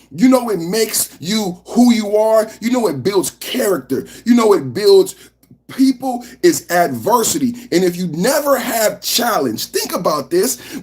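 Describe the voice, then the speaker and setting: A man hosting a live political reaction podcast, talking loud and fired-up like he's preaching. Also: high-pitched. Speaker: podcast host.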